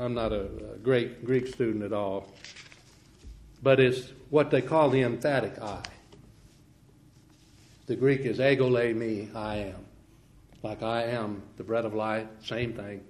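A man preaching a sermon, swinging from quiet, folksy asides to loud, slow, ringing scripture quotes, with small laughs and restarts. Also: mid-range voice.

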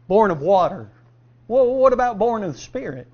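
A man preaching a sermon, firing rhetorical questions at the congregation and answering them himself, swinging between loud emphasis and quiet asides. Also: sits high, sing-song, normal speed. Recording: dull lo-fi sermon recording.

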